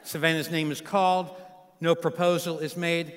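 A man's voice: fairly high pitch, level tone, normal speed. A man in his fifties, a guest pastor preaching and telling a folksy story to a church congregation. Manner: folksy, warm storytelling with audience asides. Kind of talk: sermon with storytelling. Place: large church sanctuary. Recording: live church hall reverb.

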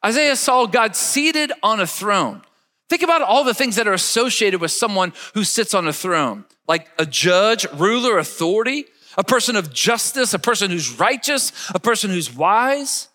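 A man's voice: high-pitched, lively intonation, moderate pace, bright, forceful tone, big-room sound. A man preaching a sermon emphatically, leading his listeners to repeat words after him. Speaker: pastor.

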